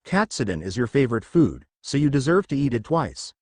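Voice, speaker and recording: A man's voice: mid-range voice, very animated, fairly quick, darkish tone, no echo. A man voicing a stubborn, cheerful teenage girl who protests, in a fan fiction reading. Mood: protesting.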